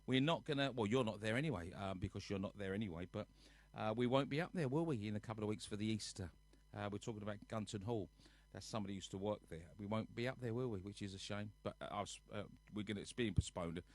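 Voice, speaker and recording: A man's voice: fairly low pitch, fast talker. A man, hosting a nightly livestream from his sofa at home, chatting casually and reading out viewers' names with jokes between them. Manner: chatty, jokey, reads out viewers' names one by one.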